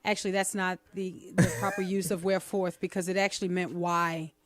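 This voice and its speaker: A woman's voice: on the low side, fairly quick, no room sound. A woman co-hosting a radio talk show in casual, playful chat, joking at her own expense. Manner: playful, self-mocking, animated.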